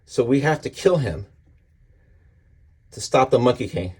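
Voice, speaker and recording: A man voicing a grim, ruthless male demon from a comic book in a flat, matter-of-fact way. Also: mid-range voice, a little slow, husky. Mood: blunt.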